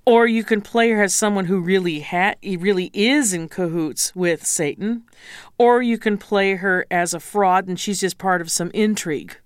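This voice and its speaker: A woman's voice: mid-range voice, moderate pace, smooth, no room sound, clean studio sound. A woman opera singer as an interview guest, frank and teasing as she coaches pronunciation. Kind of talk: casual interview.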